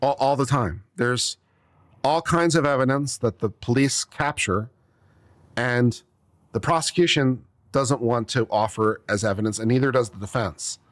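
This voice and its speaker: A man's voice: mid-range voice, measured pace, fairly bright tone, no echo. A man, an attorney, reacting to a legal brief in casual commentary, sarcastic and exasperated. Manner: sarcastic, exasperated, acts out little scenes.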